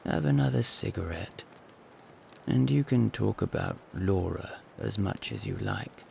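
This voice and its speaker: A man voicing an amused, jovial gentleman friend, wry and teasing. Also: lowish voice, lively intonation, a little slow, vocal fry, slight background noise, exaggerated voice.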